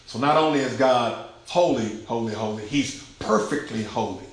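A man's voice: mid-range voice, normal speed. Fervent preacher man in an echoey room. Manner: swings from shouted exclamations to hushed near-whispers; repetitive, rhythmic preaching cadence. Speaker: pastor. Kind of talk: preaching sermon.

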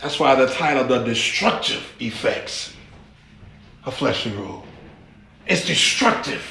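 A man's voice: mid-range voice, very animated, measured pace, vocal fry, sharp tone, heavy reverb, a little hiss or hum. A man preaching a sermon as pastor, folksy and humorous, with rising exclamations.

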